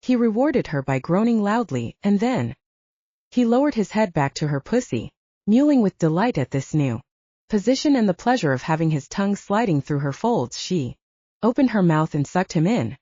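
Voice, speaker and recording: A woman narrating a romance audiobook in an expressive, animated reading. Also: medium pitch, moderate pace, no echo, dull audio. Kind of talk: scripted narration.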